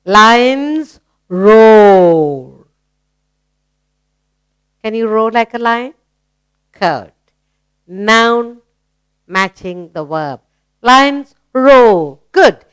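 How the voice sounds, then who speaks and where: A woman with an Indian English accent teaching a children's English lesson, asking simple questions and praising answers in a slow, encouraging sing-song. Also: on the high side, clean tone.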